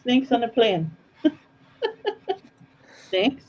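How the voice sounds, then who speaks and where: Husky female voice, playful casual chat, lo-fi sound. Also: on the high side, animated, extremely slow, a little mellow. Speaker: live chat participant.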